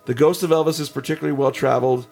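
Podcast host, male, gravelly, reads ghost tales with chuckling asides, faint music under. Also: fairly high pitch, steady tone, racing, darkish tone. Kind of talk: casual podcast chat reading ghost stories.

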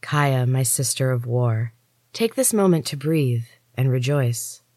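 A woman's voice: rumbling low, expressive, unhurried, dark tone, no echo, heavily acted. A woman voicing a wild, bitter young female fighter who talks in a grand, theatrical way, close to her own reading voice. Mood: exultant.

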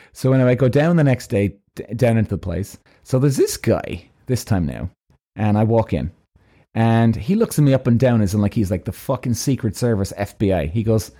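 A man spins a colorful personal anecdote in a casual, swearing, animated way. His voice sits in a middle pitch with a dark, mellow tone. He restarts often and acts out the dialogue. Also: brisk. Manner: frequent restarts and rhetorical "right?". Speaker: storyteller, vlogger.

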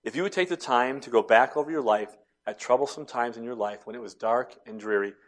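A man preaching a sermon as pastor, building to loud impassioned cries and then dropping to soft, tender tones. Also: on the low side.

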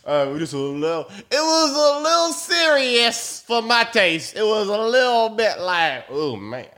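A man's voice: very high-pitched, sing-song, unhurried, sharp tone. A man hosting a podcast, telling a rambling, profane, joking story into a phone mic. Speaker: podcast host. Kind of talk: casual storytelling monologue.

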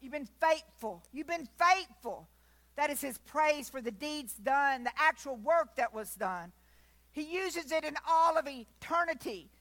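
A woman's voice: high voice, sharp tone. A woman preaching a sermon, fervent, at times dropping to a near whisper.

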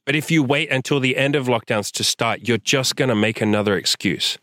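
A young man delivers a blunt, swear-heavy motivational rant, pushing and scolding his listener. His voice sits in a middle pitch, and the sound is dry and close with no room around it. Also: brisk, dry recording. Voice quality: swears a lot, forceful and direct. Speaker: host. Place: outdoors in sunlight.

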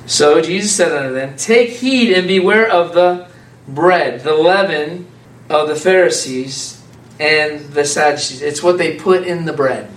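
A man's voice: a little high, unhurried, recorded from a distance. Man preaching in an echoey room. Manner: conversational, animated, laughs often. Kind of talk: informal sermon to a small group.

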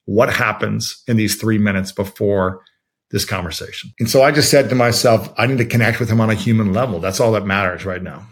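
A man from Ohio telling a story in a relaxed interview, acting out quotes with lots of fillers. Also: fairly low pitch, fairly quick, breathy edge. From Ohio, USA. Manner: animated, quotes himself and others with many fillers. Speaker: podcast host as guest. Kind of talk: conversational storytelling.

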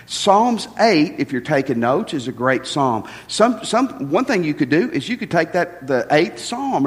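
Folksy pastor preaching with hall reverb. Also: male voice, high voice, a bit bright. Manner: folksy, joking, repeats words when starting. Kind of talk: sermon. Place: church sanctuary.

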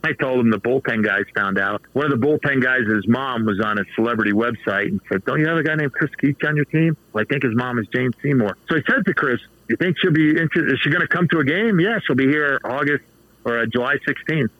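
A man in his fifties telling baseball stories as a guest in a casual interview, animated and laughing often. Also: medium pitch, quick pace, lo-fi sound. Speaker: author and baseball manager guest.

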